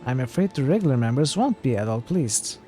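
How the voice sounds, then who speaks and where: A man's voice: medium pitch, very animated, a little fast, dark tone, faint music behind, close to an everyday voice. Guy reading as a stiff polite doorman, very proper and sorry about it. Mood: stiffly polite. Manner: formal, apologetic. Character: polite stuffy male doorman of a gentlemen's club.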